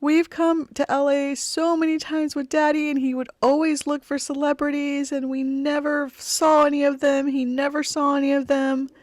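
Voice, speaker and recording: A woman imitating her tearful college-age daughter, wailing in a high, breaking voice. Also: level tone, normal speed, few pauses, dry recording, lightly acted. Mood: bawling, wailing. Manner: high, breaking, sobbing speech.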